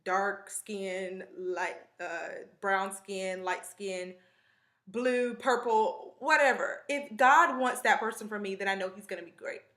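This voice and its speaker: A woman's voice: medium pitch, takes it slowly. A young woman vlogger telling a long story in a chatty, rambling way, full of fillers and asides. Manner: chatty, rambling, animated retelling with many fillers. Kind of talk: casual storytelling to camera. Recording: echoey room.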